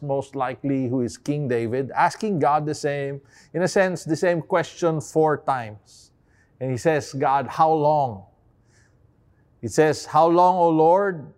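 A man giving a devotional sermon, moving from a reflective story told with hesitant restarts to impassioned, rising emphasis. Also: mid-range voice. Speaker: preacher.

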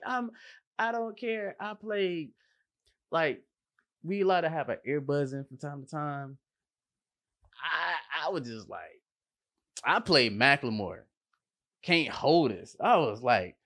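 A man, a line cook, giving a casual motivational monologue, animated and slangy, with playful emphasis and vocal sound effects. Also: medium pitch, normal speed, no echo, clean studio sound.

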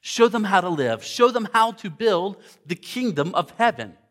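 A man voicing God the Father, calmly instructing his son in an earnest, commanding way. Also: high-pitched, normal speed.

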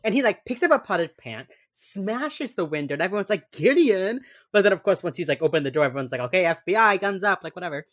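Young woman w a low voice, super lively, chatty recap, acts out lines and yells. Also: fast talker, few pauses. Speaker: podcast co-host recapping a TV episode. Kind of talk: casual chat.

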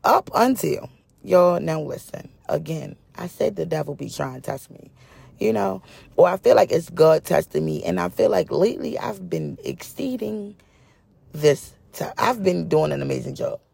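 A woman's voice: fairly low pitch, very animated, a little slow, creaky, darkish tone, husky, dry recording. A woman vlogger telling a story in a chatty, casual way, repeating phrases for emphasis.

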